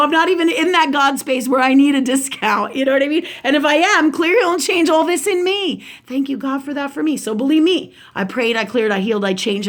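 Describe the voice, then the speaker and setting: A middle-aged woman with a fairly high voice talks straight to her viewers in a loose, casual monologue. She is animated and blunt, swears freely, and keeps checking in with "right?". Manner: animated, profane, lots of "right?". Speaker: spiritual video host.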